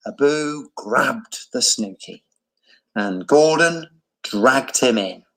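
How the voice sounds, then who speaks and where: A male teacher reading a children's picture book aloud, with expressive storytelling. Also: mid-range voice, takes it slowly, low-quality recording.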